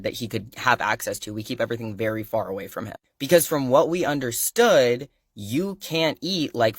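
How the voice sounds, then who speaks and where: A man's voice: medium pitch, dry recording, studio quality. Rambling young man telling a story. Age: young adult. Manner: rambling, heavy use of "like", excitable retelling. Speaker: pet owner telling a story. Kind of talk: casual storytime to camera.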